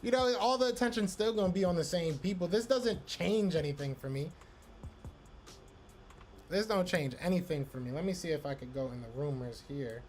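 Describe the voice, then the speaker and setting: Philly guy on a live stream, kinda high voice, rambles and keeps saying it is what it is, little music in the back. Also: normal speed, a little mellow. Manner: loose, repetitive, talks to chat by name. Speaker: podcast host reading live chat. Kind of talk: casual live-stream chat.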